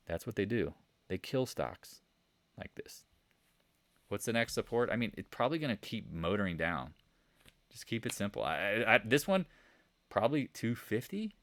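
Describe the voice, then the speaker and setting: A man giving a casual, joking stock market recap over charts, animated and rambling, with sound effects. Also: on the low side, moderate pace, no room sound. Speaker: market commentator.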